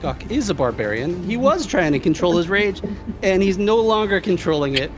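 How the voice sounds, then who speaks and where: A man's voice: high-pitched, sing-song, normal speed, over music. A man playing a tabletop game, narrating his character's actions and working through the rules aloud. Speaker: player.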